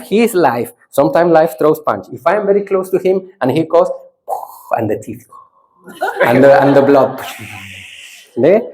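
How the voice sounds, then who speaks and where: Animated monk giving a dharma talk. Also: male voice, a little high. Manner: animated, playful, swings from lively to hushed; non-native English with simple phrasing and tag "ne?". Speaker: Buddhist monk teaching a retreat. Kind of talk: dharma talk with audience exercises.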